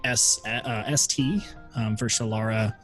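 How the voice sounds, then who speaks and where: A man narrating a tabletop game as game master, hesitant with many pauses and fillers. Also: medium pitch, fairly even intonation, fairly bright tone, soft background music.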